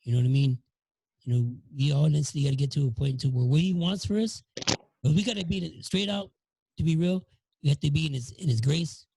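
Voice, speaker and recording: A man hosting a podcast, talking casually and preachily about faith in a gravelly, husky voice. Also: fairly high pitch, fast, background noise. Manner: preachy, encouraging. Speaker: podcast host.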